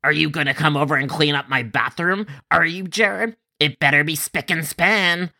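A man's voice: on the high side, normal speed, gravelly, bright, forceful tone, exaggerated voice. A man voicing a furious woman caller who got sick, crude and accusing, dragging out her words. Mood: indignant.

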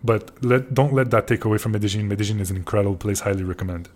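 Low-voiced man telling a rowdy story. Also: rapid-fire. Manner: profane, excitable, frequent restarts. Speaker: podcast host. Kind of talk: casual storytelling.

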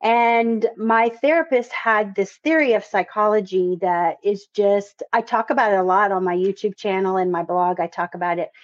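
A woman's voice: mid-range voice, steady tone, normal speed, few pauses, dry recording, lo-fi sound. A woman guest in a casual interview, speaking earnestly and repeating key phrases for emphasis. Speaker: guest, fitness trainer.

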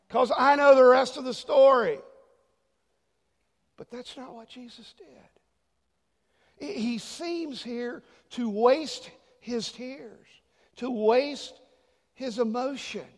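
A man preaching a sermon as pastor, swinging from loud emphatic lines to hushed, near-whispered ones. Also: very high voice, slow pace, long pauses, in a large hall.

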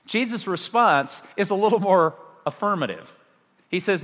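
A male pastor preaching a sermon, animated, with rhetorical questions and dramatic pauses. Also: sits high, big-room sound.

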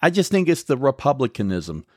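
A man's voice: mid-range voice, big pitch swings, brisk, husky, dry recording, clean studio sound. A man hosting a podcast, giving a rambling, sarcastic political monologue full of self-corrections. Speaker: podcast host.

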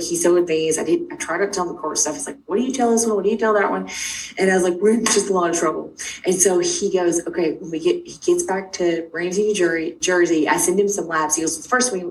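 A middle-aged woman, a guest, telling her own story quickly and emphatically, acting out the dialogue she quotes. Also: fairly low pitch. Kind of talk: animated personal storytelling. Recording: distant mic with faint noise.

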